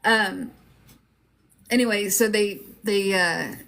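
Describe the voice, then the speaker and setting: A woman's voice: mid-range voice, slow, creaky, fairly bright tone. A middle-aged woman telling her own story in a casual, rambling way, with lots of fillers and restarts.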